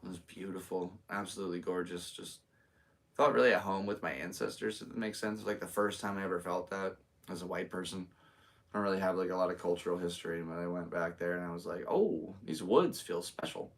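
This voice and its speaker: A man's voice: low voice, level tone, fast, recorded from a distance. A man in his thirties from Connecticut hosting a casual solo podcast, laid-back and rambling. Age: 30s. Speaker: podcast host and comedian.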